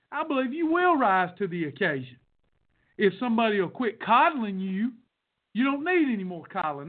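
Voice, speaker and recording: This podcast host, a man with a high voice, gives a preachy motivational monologue: a blunt, folksy pep talk with a sermon-like cadence that hammers every point twice. He pushes his listeners hard, and his voice sounds thin and tinny, like it's over a phone line.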